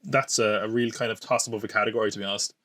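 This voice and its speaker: A man's voice: lowish voice, fairly even intonation, racing, fairly bright tone. A young man hosting a solo podcast, chatting in an opinionated, rambling way and laughing often. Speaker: podcast host. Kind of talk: casual solo podcast commentary.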